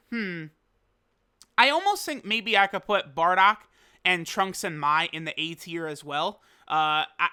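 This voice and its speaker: A man's voice: high-pitched, bright, forceful tone, clear, resonant tone. A young man giving casual commentary on a mobile game, hesitant as he thinks aloud. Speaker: mobile game video creator.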